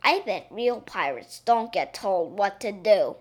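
A woman voicing a naughty little girl princess who plays pirate, pouty and excitable. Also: medium pitch, unhurried. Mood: pouty excited.

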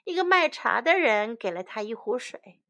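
A woman reading a children's story bilingually, line by line, in a clear and gentle way. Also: fairly high pitch, sing-song, normal speed, lo-fi sound.

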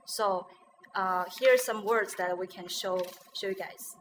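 A woman's voice: medium pitch, measured pace, a little hiss or hum, poor audio. A woman with a Chinese accent, a native Chinese speaker, teaching English pronunciation and repeating words after a guest to check them. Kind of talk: bilingual pronunciation lesson.

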